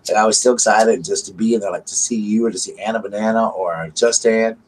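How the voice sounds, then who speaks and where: A man's voice: on the low side, steady tone, quick pace, slight background noise, rough recording. A man chatting casually and gushingly to his live stream viewers, full of fillers. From Southern United States. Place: home at night by candlelight.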